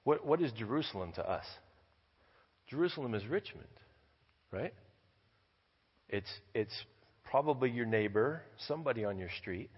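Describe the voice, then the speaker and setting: A man's voice: medium pitch, animated, slightly rough, big-room sound, lo-fi sound. A missionary man preaching a sermon, reading scripture and telling a story, often repeating words as he goes. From United States. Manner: halting, repeats words while building a story. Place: church.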